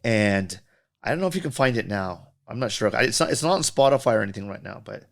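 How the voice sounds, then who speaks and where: A man's voice: on the low side, quick pace, creaky. A man who works as a music producer, chatting casually on a podcast and telling studio stories in a loose, storytelling way. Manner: storytelling, animated when imitating others.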